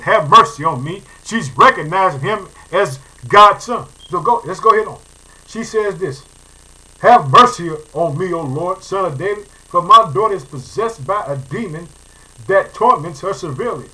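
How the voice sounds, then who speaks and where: Fervent high-voiced bright male preacher. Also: rough recording. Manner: fervent, repeats phrases, calls listeners family. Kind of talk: sermon reading and preaching.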